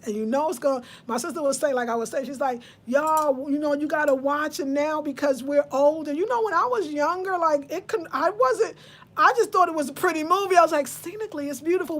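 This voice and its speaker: Chatty woman in her fifties, slightly high. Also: animated, brisk, a bit bright. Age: 50s. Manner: chatty, reads out viewer comments. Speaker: livestream host. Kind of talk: casual live chat with viewers.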